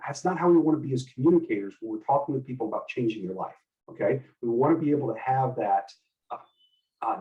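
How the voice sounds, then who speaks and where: A middle-aged man coaching a group in communication, animated and asking the group many questions. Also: medium pitch, recorded from a distance, lo-fi sound. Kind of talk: teaching a group session.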